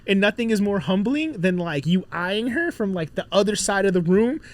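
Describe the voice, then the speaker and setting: Animated Miami man telling stories. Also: sits high, normal speed. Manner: animated storyteller, acts out quotes. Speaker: podcast guest, musician. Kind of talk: casual storytelling chat.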